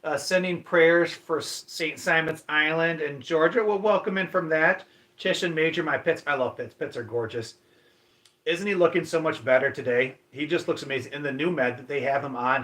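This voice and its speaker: A man's voice: on the high side, a little fast, a bit bright. Upbeat man hosting a dog livestream. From Michigan. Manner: chatty, upbeat, greets viewers by name. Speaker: livestream host. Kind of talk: casual livestream chat, reading viewer comments.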